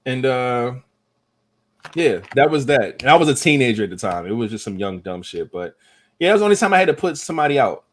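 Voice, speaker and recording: A young man hosting a podcast, telling a profane story in casual, animated talk. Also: medium pitch, brisk. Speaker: podcast host.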